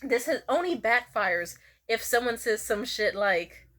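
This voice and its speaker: A young woman in casual storytime chat, animated and swearing freely, jumping into squeaky high voices when she quotes people. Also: unhurried. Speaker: vlogger.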